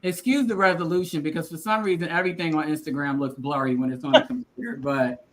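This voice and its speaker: A woman's voice: deep voice, expressive, fast. A woman hosting a casual live-stream chat, talking loosely and freestyling with frequent laughs. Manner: chatty, freestyling, laughs often. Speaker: host.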